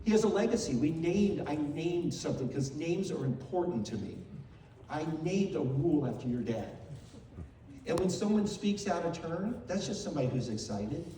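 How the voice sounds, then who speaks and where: A man's voice: on the high side, expressive, moderate pace, mellow, a little hiss or hum. An older man telling heartfelt, emotional stories in a memorial tribute, repeating phrases as he speaks. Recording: very echoey hall, voice from far off.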